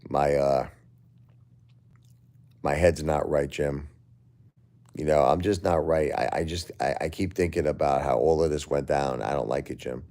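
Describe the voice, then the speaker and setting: A grieving middle-aged man hosting a casual livestream, weary and emotionally drained, talking to viewers with halting, repeated words. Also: extremely low pitch, fairly even intonation, dark tone. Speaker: livestream host.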